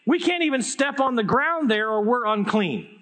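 A man voicing a group of panicked male disciples, pleading and frantic with a rising pitch. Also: lively intonation, moderate pace, fairly bright tone.

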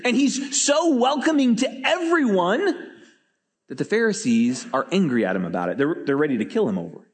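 A man preaching a sermon as pastor, telling stories with lively energy and often repeating words as he starts a phrase. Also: sits high, husky, in a large hall.

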